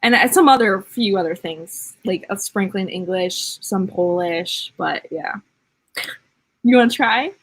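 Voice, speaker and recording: A woman from Michigan with an accent that blends Southern North Carolina and the Midwest. Her voice is a bit husky, set in dry, close sound, and she rambles along in a self-deprecating, casual way. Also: medium pitch, a little slow, no room sound, poor audio. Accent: mixed Southern North Carolina and Midwestern Michigan. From Michigan, USA. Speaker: co-host of a writing livestream. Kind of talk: casual chat.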